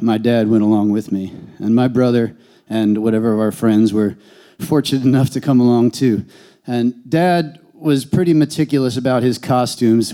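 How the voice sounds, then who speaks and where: Mellow, smooth-voiced man telling a story. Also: medium pitch. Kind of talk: live personal storytelling.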